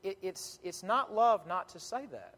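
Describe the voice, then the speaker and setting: A man's voice: high-pitched, big pitch swings, a little slow, a bit bright. Pastor guy preaching, earnest and emphatic, stops and restarts a lot, church reverb trailing off. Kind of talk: sermon. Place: church sanctuary. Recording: long hall reverb.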